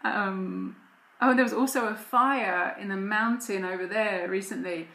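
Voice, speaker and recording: A woman's voice: mid-range voice, fairly even intonation, measured pace, creaky, sharp tone, echoey room. A woman, a mother and vlogger, chatting casually to camera at home in a rambling way. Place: home room.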